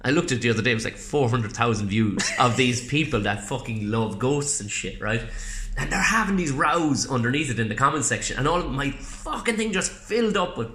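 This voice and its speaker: An Irish man chatting casually as a podcast guest, swearing freely and telling animated stories before a gig. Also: mid-range voice, a little fast. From Ireland. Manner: swears a lot, animated storytelling. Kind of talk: casual chat. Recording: roomy echo.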